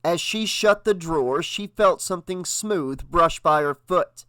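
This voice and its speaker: A man narrating an audiobook with a dramatic, expressive reading. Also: a little high, a little slow, no room sound. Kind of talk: audiobook narration with character voices.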